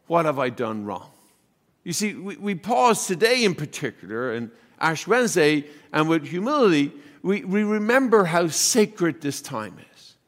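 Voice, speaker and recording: A priest with a slightly high voice preaches to his congregation in a loose, conversational manner, full of pauses and restarts. He slips into the voices of the people in his anecdotes, and his words ring out with a long reverb through the church. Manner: chatty, halting, acts out voices in his story. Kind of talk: homily with personal storytelling.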